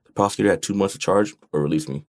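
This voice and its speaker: A man's voice: low-pitched, racing. A man reading his own memoir aloud in a blunt, wry manner with occasional profanity. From United States. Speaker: author narrating his memoir. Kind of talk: audiobook memoir narration.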